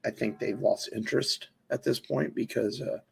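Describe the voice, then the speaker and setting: A man's voice: medium pitch, steady tone, normal speed, gravelly, breathy edge. A man co-hosting a podcast, chatting casually about films in a rambling way, with lots of fillers and restarts. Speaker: podcast co-host. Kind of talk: casual film chat.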